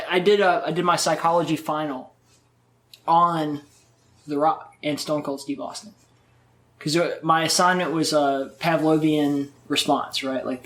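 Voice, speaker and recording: A man's voice: fairly high pitch, reverberant. A man chatting as a podcast guest, telling rambling stories full of swearing. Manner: profane, rambling storyteller. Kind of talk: casual interview chat.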